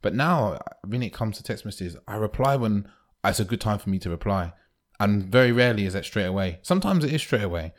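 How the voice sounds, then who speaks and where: A man's voice: fairly low pitch, fast talker. A man co-hosting a podcast, chatting casually and acting out quoted lines. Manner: animated, acts out quoted lines. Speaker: podcast co-host.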